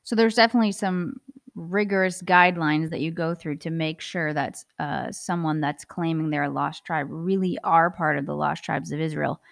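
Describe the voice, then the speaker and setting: A woman hosting a podcast who asks measured prompting questions. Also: sits low, steady tone, creaky, dry recording, clean studio sound. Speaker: podcast host. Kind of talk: podcast interviewing.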